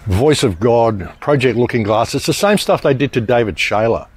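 A man's voice: medium pitch, animated, normal speed, breathy edge. A man talking straight to his viewers in a casual monologue, rambling and emphatic, often restarting his sentences. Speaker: online commentator.

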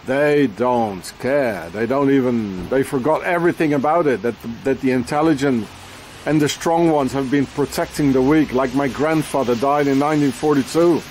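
A man delivering an angry, rambling rant outdoors in the rain, swearing often and filling every pause with "you know" and "eh?". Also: mid-range voice, darkish tone, a little hiss or hum.

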